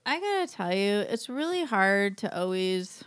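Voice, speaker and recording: A woman's voice: mid-range voice, big pitch swings, measured pace, clean tone, dry recording. A young adult woman co-hosting a casual chat, talking loosely with lots of "like" and frequent laughter. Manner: chatty, laughs often, full of "like".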